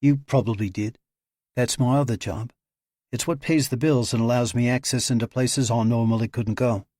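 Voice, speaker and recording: A man voicing a confident young woman hacker who answers with defiant, quick comebacks, his pitch lifted. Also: fairly even intonation, dark tone, dry recording, studio quality, lightly acted. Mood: wry.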